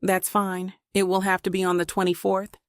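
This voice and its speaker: A woman voicing a brisk, formal male police detective in a storybook reading. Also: mid-range voice, completely flat delivery, dry recording, clean studio sound, lightly acted. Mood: businesslike. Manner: clipped and formal.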